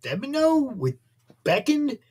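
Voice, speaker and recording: Lively high-voiced man in casual chat. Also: measured pace.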